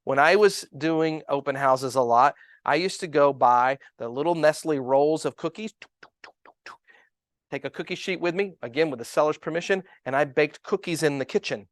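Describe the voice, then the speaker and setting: Male real estate coach, slightly high voice, dry close sound, animated storyteller. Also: dry recording. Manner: animated, storytelling, acts out quoted dialogue. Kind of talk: coaching seminar talk.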